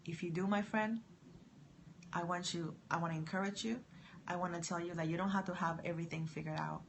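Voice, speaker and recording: A woman talking to camera in a faith-based pep talk. She moves between hushed, soft lines and loud, excited encouragement. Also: lowish voice, a little fast, gravelly, slight background noise. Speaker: motivational vlogger.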